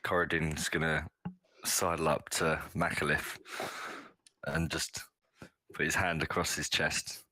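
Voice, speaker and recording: A man's voice: very deep voice, little pitch movement, unhurried, bright, forceful tone, no room sound. A man chatting casually as a player in an online tabletop game. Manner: easygoing, describing his character's moves.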